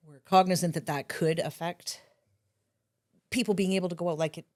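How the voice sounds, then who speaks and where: A woman's voice: lowish voice, fairly even intonation, normal speed, darkish tone. A woman, a bakery co-owner, chatting casually and upbeat as a podcast guest. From Canada.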